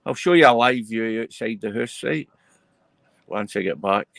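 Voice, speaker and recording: A man's voice: lowish voice, normal speed, gravelly, a bit bright, dry recording. A Scottish man hosting a live chat from home. He rambles casually and keeps his callers in line. His voice sounds close and dry, with no room around it. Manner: chatty, scolds callers. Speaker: livestream host.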